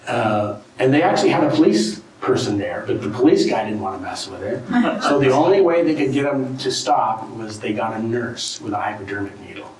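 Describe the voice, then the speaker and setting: A man's voice: mid-range voice, a little fast, crowd noise. Chatty man telling a story in an echoey room. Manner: animated, chatty, lots of "you know" and "right?". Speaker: guest speaker, tribal art collector. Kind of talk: casual storytelling to an audience. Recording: very echoey room, distant mic, faint ambience.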